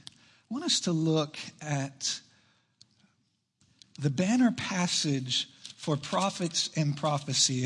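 High-voiced husky preacher man. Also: a bit bright. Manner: emphatic preaching, shifting between rushed asides and slow stressed lines. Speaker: pastor. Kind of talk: sermon. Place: church sanctuary.

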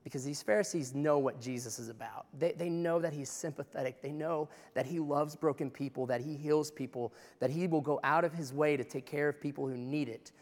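A man's voice: on the high side, fairly quick, few pauses, darkish tone, big-room sound. A male pastor preaching a sermon in a church in a conversational, impassioned way.

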